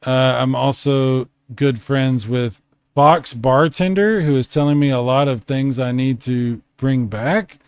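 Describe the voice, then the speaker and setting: A man's voice: medium pitch, a little slow, clean tone, no room sound. Rambling drunk man on a late-night stream. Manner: rambling, swearing, reading chat aloud. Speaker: streamer host. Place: home room.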